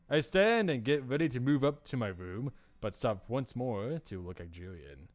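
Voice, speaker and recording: A man's voice: medium pitch, very animated, moderate pace, hardly any pauses, faint music behind. A man hosting a let's play, reading a visual novel aloud with playful, jokey asides.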